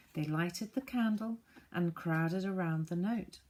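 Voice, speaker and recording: Low-voiced woman reading a storybook. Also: measured pace, hardly any pauses, darkish tone. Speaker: audiobook reader.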